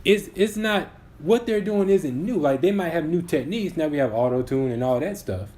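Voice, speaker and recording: A man's voice: fairly high pitch, expressive, moderate pace, darkish tone. A man in his twenties co-hosting a podcast, casually arguing his opinions and restarting sentences as he builds his points. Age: 20s. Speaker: podcast co-host. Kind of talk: casual chat.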